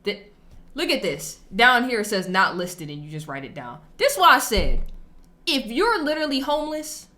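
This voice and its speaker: A woman hosting a reaction video, chatting casually and telling a story in an animated, slangy, emphatic way. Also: fairly high pitch, moderate pace.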